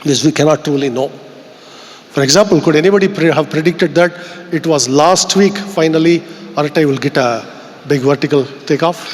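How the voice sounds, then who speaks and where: A man's voice: a little high, fairly quick. A middle-aged Indian man giving a conference keynote speech, earnest and reflective, asking the audience rhetorical questions. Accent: Indian English. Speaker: keynote speaker. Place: large conference hall. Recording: long hall reverb.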